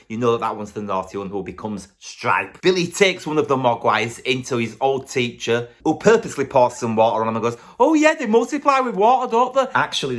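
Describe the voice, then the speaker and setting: A man's voice: on the low side, fairly bright tone. A middle-aged man hosting a comedic film review vlog, cheeky and sarcastic with jokey repetition, indoors in front of shelves of DVDs. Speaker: host.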